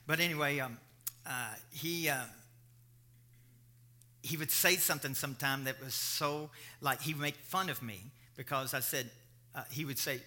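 Bright-voiced preacher. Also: male voice, a little high, normal speed. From Kentucky. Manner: animated preaching with storytelling asides. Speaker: pastor. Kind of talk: sermon.

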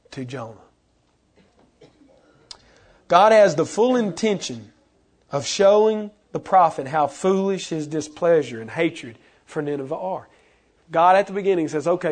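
A married pastor preaches a sermon in a slightly high voice. He's animated and acts out the voices of the people he quotes.

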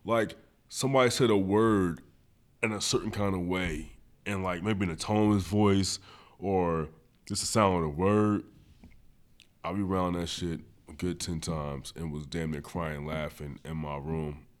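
A man's voice: steady tone, unhurried. A young man hosting a podcast, telling laid-back stories in casual slang. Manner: laid-back slang-heavy storytelling, gets high-pitched when laughing. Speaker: podcast host. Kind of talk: casual chat.

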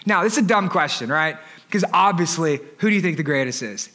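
A male pastor preaching with humor, telling the story in a lively way and breaking off for asides to the congregation. His voice is high and bright, with a sharp, clear edge. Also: fairly quick. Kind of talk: sermon.

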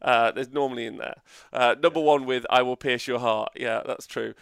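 A man's voice: mid-range voice, fairly even intonation, moderate pace, creaky, fairly bright tone, clean tone, no echo, studio quality. A man co-hosting a casual tabletop gaming podcast, chatty and full of fillers, reading out chat comments. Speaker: podcast co-host.

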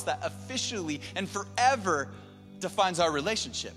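A man preaching from the front of a church, earnest and conversational. His voice sits high. The sound rings out in a long hall reverb, with worship music faint underneath. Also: animated, moderate pace, pushed and bright. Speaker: pastor. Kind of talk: sermon. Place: church sanctuary.

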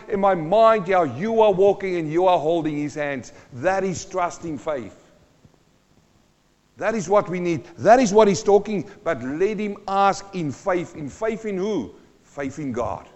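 A pastor preaching a sermon, emphatic and repetitive, asking his congregation rhetorical questions. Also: high-pitched. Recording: dull sound with long hall reverb.

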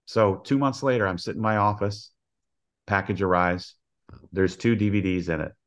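An older man, a college softball coach, telling stories in an interview with an earnest manner, acting out the voices of people he quotes. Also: lowish voice, steady tone, moderate pace. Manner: earnest storyteller who acts out quoted dialogue. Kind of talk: storytelling interview.

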